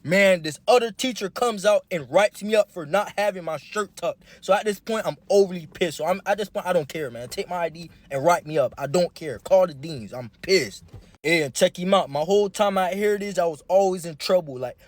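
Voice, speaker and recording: A man's voice: high voice, fairly quick, dry recording. A young man telling a personal story to camera in casual, slangy style, often speaking straight to the listener. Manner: animated, slangy, addresses the listener directly.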